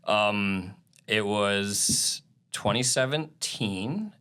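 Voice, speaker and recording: A man in his thirties, a live sound engineer, telling stories in a casual podcast interview, animated and swearing freely. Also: on the low side, very slow, smooth. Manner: animated storytelling with frequent swearing and laughs. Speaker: live audio engineer and drummer.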